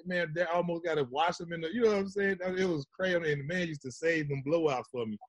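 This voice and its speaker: A man's voice: on the high side, fast talker, no room sound, lo-fi sound. A man telling stories about fatherhood in laid-back, slangy casual chat, often tagging on "you know what I'm saying.". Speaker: guest.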